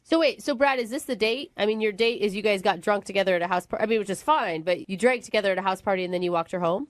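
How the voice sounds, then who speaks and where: A woman's voice: mid-range voice, quick pace, dry recording. A woman co-hosting a radio show who asks blunt, wry questions. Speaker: radio co-host. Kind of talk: morning radio banter.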